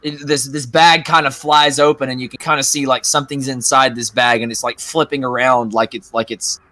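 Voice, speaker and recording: A man running a tabletop game as game master, narrating haltingly with many fillers. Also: mid-range voice, fairly even intonation, bright, forceful tone, no room sound. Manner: halting, full of fillers and hedges.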